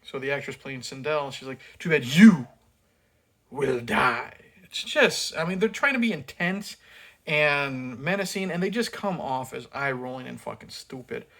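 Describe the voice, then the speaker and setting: A man's voice: medium pitch, expressive, moderate pace, vocal fry, bright, forceful tone. A man giving a casual, profane film review rant, blunt and sarcastic, with many fillers as he mocks the acting.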